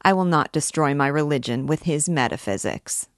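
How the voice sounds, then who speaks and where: A woman's voice: low voice, expressive, normal speed, no room sound, studio quality. A woman reading aloud and voicing a coaxing, impudent young male student. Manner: coaxing, then pleading.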